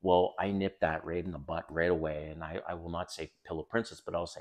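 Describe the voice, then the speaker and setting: A man's voice: low-pitched, little pitch movement, brisk, hardly any pauses, darkish tone. A middle-aged man hosting a dating advice video, talking bluntly and casually to camera, swearing now and then and calling his viewers guys.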